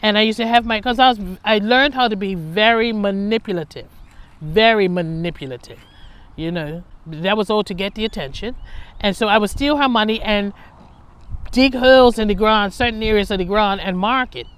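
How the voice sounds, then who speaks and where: A woman's voice: mid-range voice, normal speed, clear, resonant tone. A woman telling her own life story in a candid, conversational way, reflecting on her past and laughing at herself.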